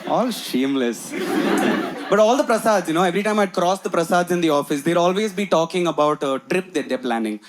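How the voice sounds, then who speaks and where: A young man doing a stand-up set, chatty and teasing the crowd with quick asides. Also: high-pitched, lively intonation, slight background noise. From United Arab Emirates. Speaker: stand-up comedian. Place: comedy club stage before a live audience. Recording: loud audience laughter throughout.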